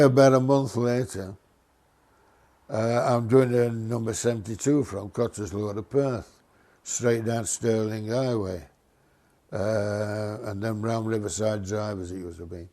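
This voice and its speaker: An older man, a former bus driver, telling a lively, mischievous anecdote in casual dialect. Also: medium pitch.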